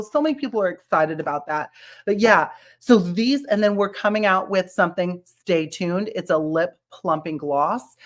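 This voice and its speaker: A woman chatting casually about beauty products, animated, laughing often and restarting her sentences. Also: medium pitch. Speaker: brand representative.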